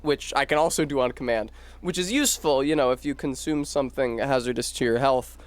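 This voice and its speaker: A man's voice: mid-range voice, brisk. A man casually rambling and joking while streaming a video game, swearing now and then. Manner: rambling, wry, profane. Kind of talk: casual gaming commentary.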